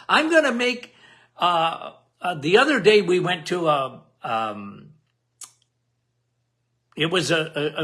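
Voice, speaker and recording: Emphatic high-voiced man explaining health. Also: bright, forceful tone. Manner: emphatic, repetitive, asks the listener questions. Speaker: health podcast host.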